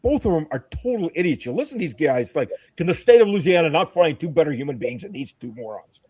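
Lively, animated man in dry chat. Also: a little high, fast talker, husky, no echo. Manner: animated, laughs often, trails off and restarts. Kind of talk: casual political chat.

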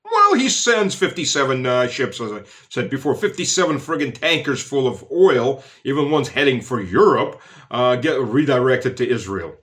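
Sardonic male commentator, mid-pitched, mocking, filler-heavy delivery. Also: very animated, moderate pace, a bit bright. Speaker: political commentator. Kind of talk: sarcastic commentary.

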